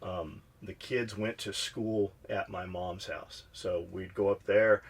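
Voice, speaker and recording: Husky guy from socal, low voice, swearing his way through a long story on a podcast. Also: fairly even intonation, slow pace. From Southern California. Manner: rambling and profane, acts out quoted dialogue. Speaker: podcast co-host. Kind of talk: casual storytelling.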